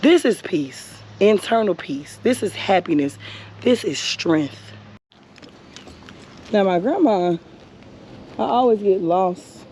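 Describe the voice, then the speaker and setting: A woman's voice: fairly low pitch, warm tone, slight background noise. Earnest woman vlogging at a gravesite. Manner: earnest, encouraging, repeats phrases, addresses viewers as y'all. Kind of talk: heartfelt talk to camera. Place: outdoors at a cemetery gravesite.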